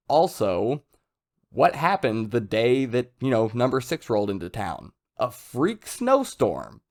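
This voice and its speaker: A man's voice: mid-range voice, normal speed. Enthusiastic young man reviewing manga. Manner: enthusiastic, conversational, loud jumps when excited. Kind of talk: casual video review.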